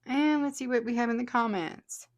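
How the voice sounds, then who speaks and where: A woman's voice: on the high side, normal speed. Chatty woman reading viewer comments. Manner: chatty, laughs often, reads comments aloud. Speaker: host. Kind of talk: casual livestream chat reading comments.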